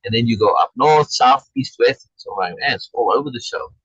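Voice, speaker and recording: Over a video call with lo-fi sound and no echo, a man leads an online Shakespeare reading group, explaining things in casual chat. His voice is medium-pitched, fairly quick, a bit bright and slightly rough. He restarts often and checks in with "right?" as he reads out chat comments.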